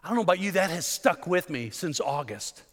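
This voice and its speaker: Male pastor, fervent sermon, rhetorical questions, high voice, long church reverb. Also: animated, brisk, fairly bright tone. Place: church sanctuary.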